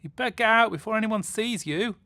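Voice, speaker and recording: An excitable, kind-hearted young boy, his voice lifted high and bouncing with feeling, as a man reads him aloud. The delivery is animated and the sound dry and close. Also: moderate pace, breathy edge, dry recording, exaggerated voice. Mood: shouting. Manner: bright, shouty and excitable.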